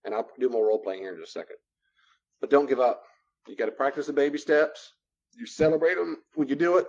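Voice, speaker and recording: A man's voice: mid-range voice, fast talker, dull audio. Man teaching a class, acting out dialogues. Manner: animated, acts out both sides of dialogues. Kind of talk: classroom lecture with role-play examples.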